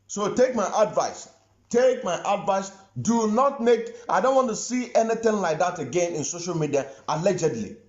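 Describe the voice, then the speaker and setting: Igbo-accented male commentator, high animated voice, repeats himself for emphasis, muffled echoey room. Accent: Nigerian Igbo. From southeastern Nigeria. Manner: emphatic, repeats phrases for stress. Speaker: online commentator. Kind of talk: impassioned social media commentary.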